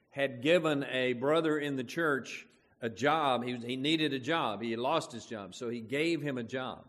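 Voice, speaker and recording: A male pastor preaching in a live church hall, his mid-pitched voice trailing a long reverb. He talks to the congregation in an easy conversational way and puts questions to them. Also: fairly bright tone. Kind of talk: sermon.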